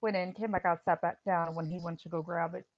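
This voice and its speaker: A former EMT hosts a livestream, telling blunt, wry stories from her work and laughing at them in casual storytelling. Her voice is fairly low with fairly even intonation and a fast pace. The audio is dull, with no room sound.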